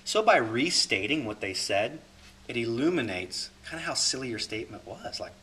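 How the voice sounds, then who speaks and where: A man's voice: medium pitch, sing-song, normal speed, sharp tone. A man teaching a recorded class as a holistic coach, repeating key points and talking through examples.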